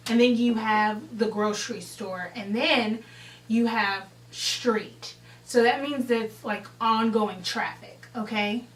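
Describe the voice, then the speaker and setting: A young woman vlogger telling a story in a casual, animated way, swearing freely and acting out the scene. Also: fairly high pitch, takes it slowly, roomy sound, far from the mic, poor audio. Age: young adult.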